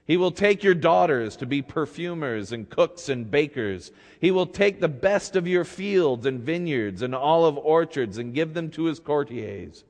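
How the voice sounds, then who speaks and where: A fairly high-voiced man preaching from the pulpit, moving between reading scripture and a relaxed, joking retelling. His voice rings out with a long reverb, as if carried through a large hall. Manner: reads scripture, then retells it in a casual, joking way. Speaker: pastor. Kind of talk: sermon.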